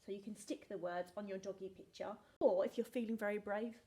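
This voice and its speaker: Her mid-range voice is warm and steady in tone, and she talks briskly. She's a primary school teacher giving a recorded phonics lesson to young kids, sounding out words letter by letter in a playful sing-song and pretending she needs them to help.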